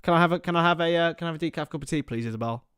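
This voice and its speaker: A man's voice: fairly high pitch, very fast, fairly bright tone, smooth, dry recording, clean studio sound. A young man hosting a casual football watchalong stream, joking and chatting to viewers as lads. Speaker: livestream host.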